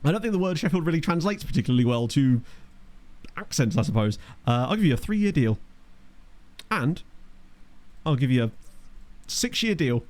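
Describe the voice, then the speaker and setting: Streaming a football management game, a young adult man gives casual commentary full of wry asides and replies to chat. His darkish, fairly high voice is very animated, moving at a moderate pace with frequent pauses, captured on a desk microphone.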